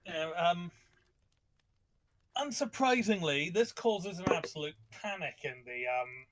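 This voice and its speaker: A man's voice: high-pitched, lively intonation, takes it slowly, a little hiss or hum. A man hosting a casual book chat, rambling with many fillers and restarts. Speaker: podcast host discussing a book.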